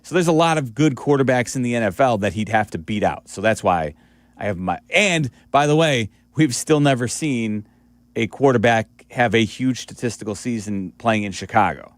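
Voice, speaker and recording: A man's voice: mid-range voice, animated, moderate pace, dry recording. A man co-hosting a sports talk radio show, arguing his case point by point. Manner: argumentative, builds a case point by point.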